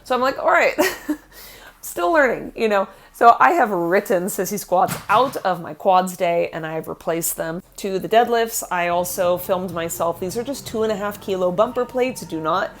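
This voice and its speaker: A woman in her forties talks through a casual fitness vlog, rambling from one point to the next and laughing at herself. Her voice sits at a middle pitch and sounds congested and stuffy from a lingering cold. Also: normal speed. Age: 40s. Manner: rambling, self-deprecating, laughs often. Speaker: fitness vlogger.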